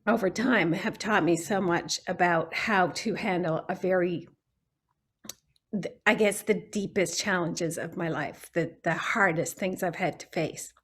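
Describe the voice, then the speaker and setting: A woman's voice: on the low side, a little slow, fairly bright tone, slightly rough. A woman giving an earnest, reflective talk on self-care in an online meeting, often restarting her phrases as she thinks. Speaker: guest speaker. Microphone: video call.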